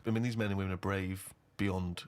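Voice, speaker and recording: A man's voice: deep voice, level tone, brisk. A man asking probing, incredulous questions in casual comic chat. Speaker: co-host.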